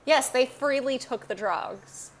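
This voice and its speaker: A young woman co-hosting a podcast, chatting casually in a playful, animated way and pushing wild theories. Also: high voice, slow. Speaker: podcast co-host. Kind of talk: casual chat.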